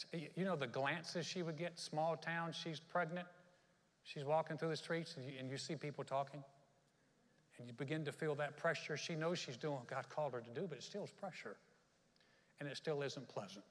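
A man's voice: fairly high pitch, in a large hall. A man pastor preaching a sermon in a church, telling stories in a folksy way and acting out quotes. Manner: folksy storytelling with acted-out quotes.

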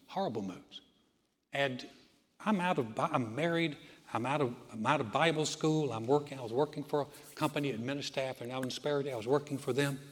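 A man preaching a folksy sermon to a congregation, dropping to a hushed voice when he tells stories. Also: mid-range voice, in a large hall. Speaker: pastor.

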